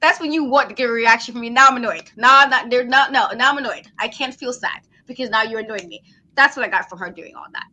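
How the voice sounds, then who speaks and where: Sassy young woman ranting on a talk show, high voice, bright and sharp, acts out whiny crying bits. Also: fast talker. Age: young adult. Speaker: co-host. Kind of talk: animated casual rant.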